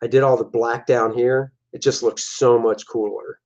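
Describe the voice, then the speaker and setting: A comic artist and show host casually talks through his own comic pages, lively and chatty, often putting on voices for his characters. His voice sits at a medium pitch and moves at a moderate pace, though the recording sounds dull and lo-fi.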